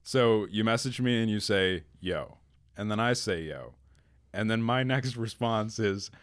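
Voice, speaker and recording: Young male podcast co-host, lowish voice, animated, swears a lot. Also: a little slow, clear, resonant tone. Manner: animated storyteller, swears freely. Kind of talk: casual podcast storytelling. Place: podcast recording room.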